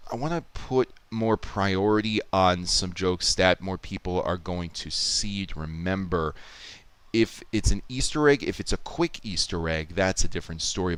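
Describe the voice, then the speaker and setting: A man's voice: on the low side, a bit bright, clean tone, no room sound. A man casually talking through his video editing on a live stream, explaining and thinking aloud with restarts. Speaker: YouTube Poop editor streaming.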